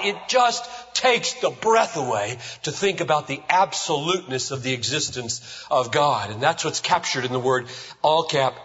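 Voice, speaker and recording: A male pastor preaching a sermon, swinging between loud declarations and hushed, low phrases. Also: big-room sound, dull audio.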